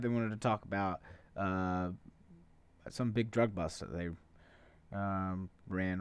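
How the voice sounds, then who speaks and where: A man hosting a podcast alone in a loose, profane monologue, with plenty of uhs and asides. His voice is smooth and clean, at a middling pitch. The recording is dry and close, with no room sound. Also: no room sound. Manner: conversational and profane, many filler uhs. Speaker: podcast host. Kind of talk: casual political podcast monologue.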